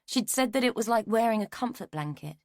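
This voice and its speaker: A woman's voice: fairly high pitch, dry recording, clean studio sound. Woman narrating a suspense audiobook. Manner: measured, even storytelling. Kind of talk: scripted narration.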